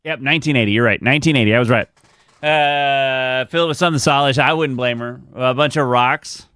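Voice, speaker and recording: A man's voice: medium pitch, brisk, pushed and bright, clean tone, no echo, clean studio sound. A man streaming live, chatting casually with viewers and telling rambling stories about his family with frequent chuckles. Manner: rambling storyteller, chuckles often.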